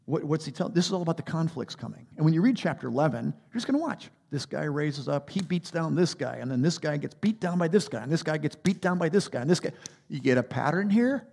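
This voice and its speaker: Pastor guy preaching, bit husky, kinda high voice, gets loud then drops quiet. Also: fast. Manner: animated, builds to emphatic peaks and drops to soft asides. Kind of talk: sermon.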